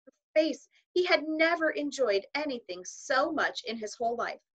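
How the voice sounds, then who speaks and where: Bright-voiced woman narrating a children's book. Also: high-pitched, expressive, dull audio. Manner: measured storytelling with voiced characters. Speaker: audiobook reader.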